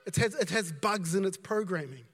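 A man's voice: high-pitched, expressive, normal speed, fairly bright tone, slightly rough, in a large hall. A man preaching a conversational sermon as a pastor, repeating himself and dropping in asides.

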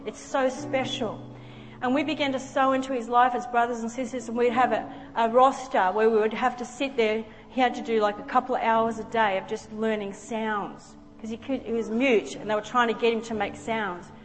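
A woman's voice: a little high, steady tone, normal speed. A woman preacher delivering a sermon in a church, telling a personal story in an earnest, emotional way. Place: church sanctuary. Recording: long hall reverb with faint music.

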